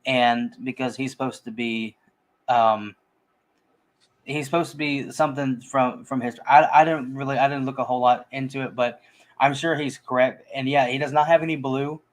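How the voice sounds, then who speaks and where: A man's voice: mid-range voice, steady tone, moderate pace. A man in casual conversation about a film, talking in a rambling way with frequent restarts and fillers. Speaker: movie podcast co-host.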